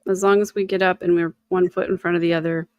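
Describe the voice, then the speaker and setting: Woman hosting a stream chat, kinda low voice, thoughtful and encouraging, dry sound. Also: flat delivery, fast talker, dry recording, dull audio. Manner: reflective, encouraging, repeats phrases. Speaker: host. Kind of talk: casual livestream chat.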